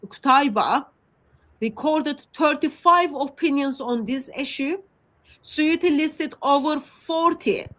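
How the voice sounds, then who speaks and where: A woman with a fairly high voice and a talks through her points on a casual livestream. She speaks haltingly, with many ums and restarts. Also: fairly bright tone, poor audio. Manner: hesitant, many fillers and restarts. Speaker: Christian apologist presenter.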